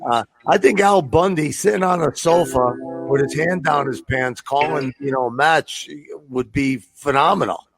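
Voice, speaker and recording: A man chatting as a guest in a relaxed, hesitant way, using lots of fillers. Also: on the high side, normal speed, over music. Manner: hesitant, filler-heavy, laid-back. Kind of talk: casual chat.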